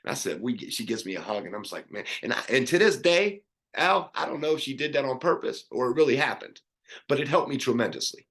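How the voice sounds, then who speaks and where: Casting note: middle-aged male guest, mid-pitched voice, earnest and animated, often restarts his sentences. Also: quick pace. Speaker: podcast guest. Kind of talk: personal storytelling.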